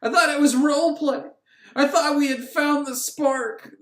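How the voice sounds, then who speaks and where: A man doing a brash, breathy unfaithful wife. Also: very high-pitched, measured pace, fairly bright tone, distant mic, voice pushed up, full character voice. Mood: exasperated. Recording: roomy echo.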